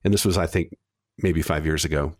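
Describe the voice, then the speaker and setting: A man's voice: very deep voice, fairly even intonation, a little fast, darkish tone, no echo, studio quality. A man hosting a casual interview, reflecting aloud and thinking through his questions. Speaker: podcast host.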